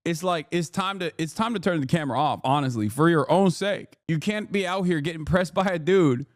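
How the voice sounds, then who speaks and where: A man's voice: a little high, a little fast, no echo, clean studio sound. A man live-streaming reaction commentary, riffing in a casual, profane, sarcastic way.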